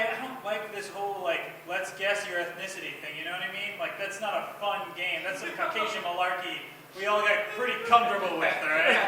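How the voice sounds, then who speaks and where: A man's voice: high voice, sharp tone, a little hiss or hum. A man doing a stand-up set at an open mic, awkward and self-mocking, rambling with lots of fillers. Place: bar open mic stage. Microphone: stage microphone in a bar. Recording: echoey bar recorded from far off.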